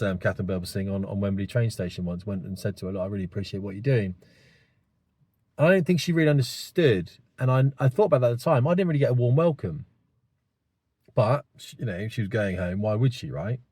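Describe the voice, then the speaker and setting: A man's voice: mid-range voice, mellow, husky, no room sound. A man in his fifties, host of his own channel, rambling through his opinions in casual talk, often asking the listener if it makes sense. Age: 50s. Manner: rambling, thinking aloud, many tag questions.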